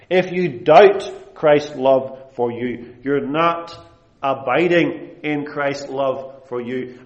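Man, preacher, expository sermon, slow and emphatic, high-ish voice, echoey room, slightly muffled recording. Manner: slow, measured, emphatic with drawn-out quotations. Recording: roomy, slightly dull recording.

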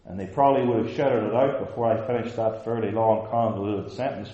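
A man preaching a sermon, emphatic and rising to loud, forceful outbursts. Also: lowish voice, fairly even intonation, a little fast, few pauses. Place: church. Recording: dull, very echoey church hall.

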